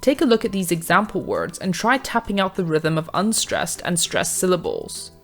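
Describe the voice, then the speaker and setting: A woman with a slightly low voice narrates a scripted revision lesson. She explains each step in a measured, clear way, and faint music plays underneath. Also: big pitch swings. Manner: measured, clear teaching delivery. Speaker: revision tutor.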